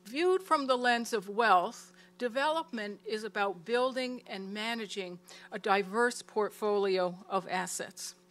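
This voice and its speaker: A woman giving a prepared presentation of a research report in a steady, measured way. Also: mid-range voice.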